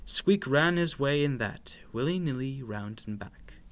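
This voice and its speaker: A man reading a children's picture book aloud in an expressive, playful, sing-song way. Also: medium pitch, a little slow. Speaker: storyteller.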